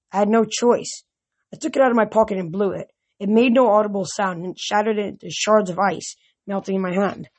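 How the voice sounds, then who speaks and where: A woman reading a novel aloud, often tripping over words and restarting, with louder shouted lines. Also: mid-range voice. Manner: reads aloud with frequent slips and restarts. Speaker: reader. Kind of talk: amateur audiobook reading.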